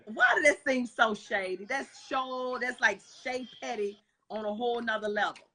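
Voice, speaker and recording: Gushing woman host on a live stream, high bright voice, kinda husky. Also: normal speed. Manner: gushing, effusive and talkative. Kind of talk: casual live-stream chat.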